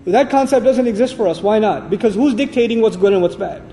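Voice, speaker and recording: A man's voice: high-pitched, fast talker, warm tone, big-room sound, faint music behind. A man giving an earnest religious lecture, asking the audience rhetorical questions and reciting Arabic verses. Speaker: Islamic lecturer.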